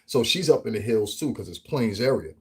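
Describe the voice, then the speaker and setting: Husky profane man ranting on a vlog. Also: medium pitch, a little fast. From Northeastern United States. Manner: profane, animated, laughs often, acts out quotes. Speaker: vlogger commentator. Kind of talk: casual commentary rant.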